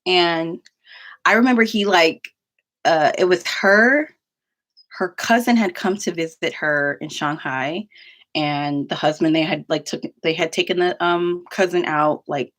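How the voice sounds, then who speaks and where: A young woman with a somewhat low voice tells a story from her life in a loose, chatty way. She fills her sentences with "like" and breaks off into quick asides as she goes. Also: fairly bright tone. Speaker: vlogger. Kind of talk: casual storytelling.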